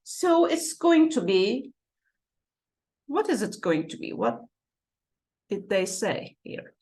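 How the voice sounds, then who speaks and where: Slow, lively-pitched woman teaching English. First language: Turkish. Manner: patient, repeats key words, asks "okay?" and "right?" often. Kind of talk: classroom-style explanation.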